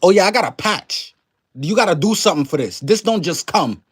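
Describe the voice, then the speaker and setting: A man with a high-pitched voice rants to a live chat, preachy and emphatic, full of slang and swearing. He keeps firing rhetorical questions at his viewers. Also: expressive, brisk, breathy edge. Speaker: livestream commentary host. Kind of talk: casual ranting commentary to a live chat.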